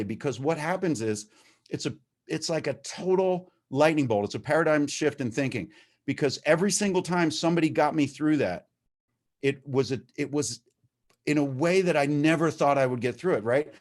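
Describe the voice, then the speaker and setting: Animated man sharing at a recovery meeting. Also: on the high side, moderate pace. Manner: animated, swears freely, gets worked up. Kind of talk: candid recovery-meeting share. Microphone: video-call microphone.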